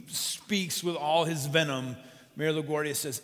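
A male pastor preaching a sermon through a story, with dramatic swings between quiet and loud. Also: on the high side, steady tone, measured pace. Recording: long hall reverb.

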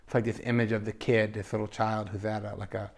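Male meditation teacher, low and gravelly, casual dharma talk with quiet playful asides. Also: level tone, quick pace. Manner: conversational, drifts into soft asides and playful self-quotes.

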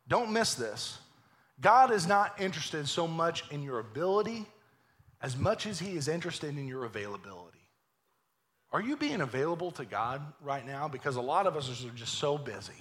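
Bright-voiced joking preacher man. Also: fairly high pitch. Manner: lively, joking, acts out voices. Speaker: pastor. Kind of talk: sermon. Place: church sanctuary.

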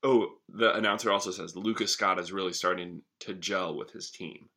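A man co-hosting a podcast, chatting casually about a show and adding quick quips. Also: low-pitched. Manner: relaxed, chatty, adds quips. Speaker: podcast co-host. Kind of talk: casual TV recap chat.

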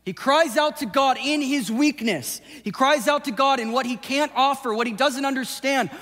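A male pastor preaching a sermon, swinging from impassioned shouting down to a hushed, intimate delivery. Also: very high-pitched, moderate pace. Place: church sanctuary. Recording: long hall reverb with soft music behind.

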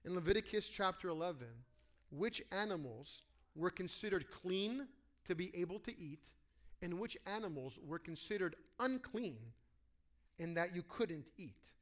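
A pastor preaches to his congregation with animation, acting out the voices he quotes and putting questions to his listeners. His voice sits high and he moves at a moderate pace.

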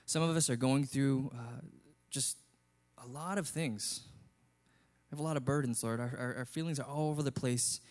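A man's voice: mid-range voice, moderate pace, darkish tone. A male pastor preaching a sermon in an earnest, conversational way.

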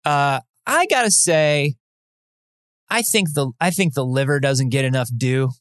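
Man, slightly high voice, dry close mic. Casual podcast co-host, chatty and self-deprecating. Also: animated, measured pace, a bit bright, no echo. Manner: chatty, self-deprecating, explains science news. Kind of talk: casual chat.

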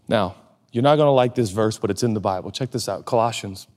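A man in his forties preaching a sermon from a stage, animated and a little out of breath, dropping low and then shouting. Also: fast talker. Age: 40s. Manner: animated, swings from hushed to shouting. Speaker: pastor. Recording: hall reverb.

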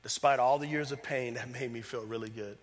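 Passionate preacher in a reverberant hall. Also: male voice, mid-range voice, fairly even intonation, brisk. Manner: emphatic preaching, swinging from loud to hushed; addresses the congregation directly. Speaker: pastor. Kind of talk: sermon.

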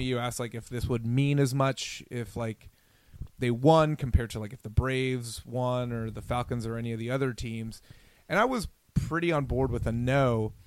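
A man co-hosting a podcast, chatting casually and enthusiastically, often laughing as he talks. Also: medium pitch. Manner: enthusiastic, laughs while talking. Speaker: podcast co-host.

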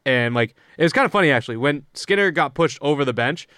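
A man's voice: a little high, animated, sharp tone, no echo, clean studio sound. Profane young man chatting about hockey. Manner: loose and profane, quick asides. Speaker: podcast co-host. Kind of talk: casual hockey chat.

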